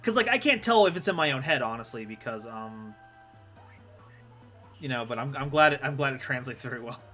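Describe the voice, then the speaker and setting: A man's voice: mid-range voice, animated, fairly quick, bright, forceful tone, soft background music. A man streaming a card game live, rambling and self-deprecating as he chats with his viewers. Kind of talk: live gameplay commentary.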